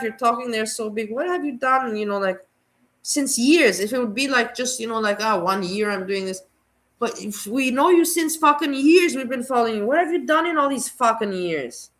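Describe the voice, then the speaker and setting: Blunt mocking woman commentator, bright voice. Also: fairly high pitch. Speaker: commentary host. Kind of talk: reaction commentary on a clip.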